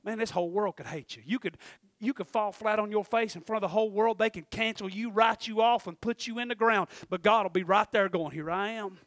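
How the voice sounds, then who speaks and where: A middle-aged man preaching a sermon, swinging from hushed murmurs to shouted fervor. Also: high-pitched, fairly quick, dry recording, clean studio sound.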